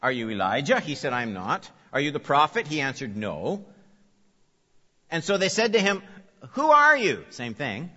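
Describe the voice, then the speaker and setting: Male preacher, slightly high and bright-toned, emphatic expository delivery, long hall reverb, muffled lo-fi audio. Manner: emphatic, repeats key phrases, questions the audience. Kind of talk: expository sermon. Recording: long reverb, dull lo-fi sound.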